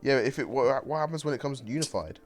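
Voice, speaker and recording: A man's voice: mid-range voice, fast, soft background music. A man hosting a casual podcast over a call. He laughs often, swears freely and stumbles over his restarts. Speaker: podcast host. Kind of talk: casual chat.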